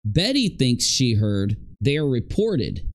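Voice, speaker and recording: A man's voice: medium pitch, very animated, slow. A man giving indignant reaction commentary on video clips, stressing points by repeating them.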